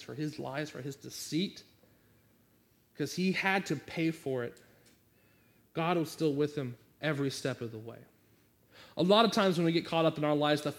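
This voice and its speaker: Earnest man preaching an altar call. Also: fairly high pitch. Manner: earnest, pleading, repetitive. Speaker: pastor.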